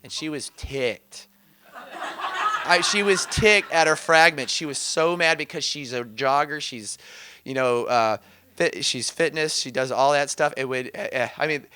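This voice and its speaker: A man teaching about inner healing in a casual, conversational way, telling animated stories and laughing often. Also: medium pitch, measured pace, a little hiss or hum. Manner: animated storytelling, quotes others, laughs often.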